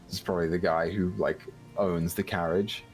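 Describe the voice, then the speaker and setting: A man's voice: low voice, fairly even intonation, moderate pace, faint music behind. A man narrating as game master in a tabletop game, loose and casual, with many fillers.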